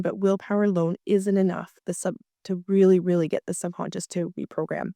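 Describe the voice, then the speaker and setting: Fast-talking woman with a gravelly edge. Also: mid-range voice, steady tone, dark tone, no room sound, clean studio sound. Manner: chatty, with many fillers and restarts. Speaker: marriage coach. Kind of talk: casual coaching talk.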